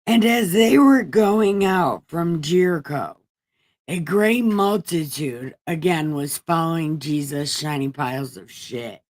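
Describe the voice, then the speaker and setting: A woman's voice: low voice, expressive, takes it slowly, a little mellow, no room sound. A woman hosting a livestream, reading scripture aloud in an irreverent, casual way and breaking off for profane, wisecracking asides. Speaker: livestream host. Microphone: home streaming setup.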